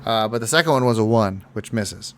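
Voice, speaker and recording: A man's voice: fairly low pitch, expressive, a little fast, fairly bright tone. A man running a tabletop game as dungeon master, rambling with many fillers and frequent laughs. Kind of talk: narrating a tabletop game, casual.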